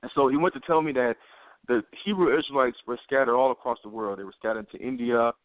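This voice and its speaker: A man's voice: medium pitch, fast talker, no echo. A man co-hosting a podcast, telling a long story full of quoted dialogue. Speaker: podcast co-host. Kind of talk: casual storytelling. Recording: tinny phone line.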